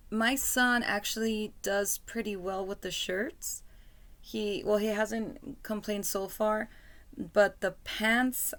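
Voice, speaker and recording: A mother talking casually to her computer camera at home, rambling and apologizing often, with lots of fillers. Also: mid-range voice. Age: adult with a school-age son. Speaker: parent vlogger. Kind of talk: casual vlog talk. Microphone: computer webcam mic.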